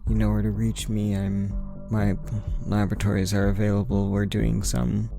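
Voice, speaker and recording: A man with a low, gravelly voice plays his character in a tabletop game, measured and plain in his delivery. Music plays clearly behind him. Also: completely flat delivery. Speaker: player. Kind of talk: tabletop role-play, in and out of character.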